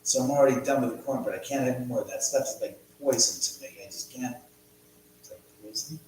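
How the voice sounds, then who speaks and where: A man's voice: medium pitch, fairly quick, a little mellow, very echoey, slight background noise, low-quality recording. A man hosting a casual live stream from his home, rambling, muttering to himself and swearing often. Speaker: livestream host.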